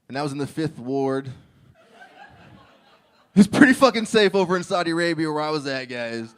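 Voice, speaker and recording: A man's voice: medium pitch, clean tone. A man doing a crude stand-up set, telling stories and laughing at his own jokes. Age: adult with a child. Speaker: stand-up comedian.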